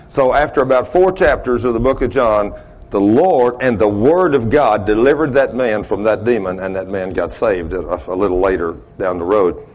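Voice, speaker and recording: Folksy male preacher telling stories. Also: lowish voice. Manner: folksy, laughs at his own stories; big swings from loud to hushed. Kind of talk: sermon storytelling.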